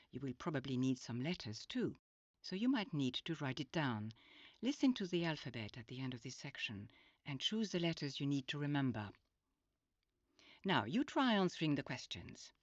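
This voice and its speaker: A woman teaching a scripted language lesson in a clear, patient, instructive way. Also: deep voice, sing-song, normal speed, dry recording. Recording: dull lo-fi audio.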